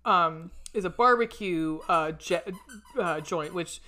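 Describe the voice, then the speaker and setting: Rambling casual woman, low-pitched. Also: takes it slowly, very noisy. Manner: rambling, frequent fillers, swears casually. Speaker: podcast co-host. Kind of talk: casual chat reviewing a horror film.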